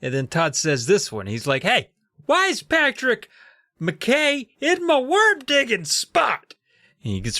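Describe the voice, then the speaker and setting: A man's voice: mid-range voice, fairly bright tone, dry recording, clean studio sound. A man co-hosting a comedy podcast, recapping and reading a children's book aloud with playful, sweary asides.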